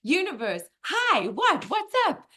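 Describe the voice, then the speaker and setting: A woman's voice: on the low side, slow. A woman voicing an eager little female soul who squeals and gasps with delight. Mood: giddy. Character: eager newborn female soul, giddy and wide-eyed.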